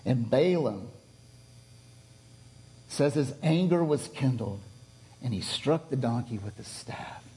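A pastor preaching a sermon, telling a story with lively swings between loud and hushed delivery. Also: male voice, medium pitch, slow, pauses often. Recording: long reverb of a large hall.

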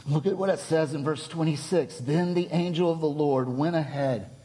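A pastor preaching a sermon, telling a story with lively swings between loud and hushed delivery. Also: male voice, on the high side, moderate pace. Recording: long reverb of a large hall.

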